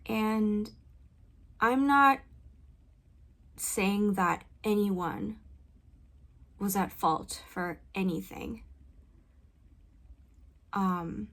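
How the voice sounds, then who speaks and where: A woman's voice: medium pitch, drawn-out words, long pauses, fairly bright tone. A woman musician talking reflectively in a personal vlog, hesitant and searching for her words, recorded on a studio mic in a home vocal booth. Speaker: musician and video creator. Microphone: studio condenser mic with pop filter.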